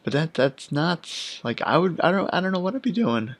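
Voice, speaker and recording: A man's voice: fairly high pitch, sing-song, fairly quick. A young man hosting a casual podcast chat, rambling and hesitant with lots of fillers. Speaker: podcast host.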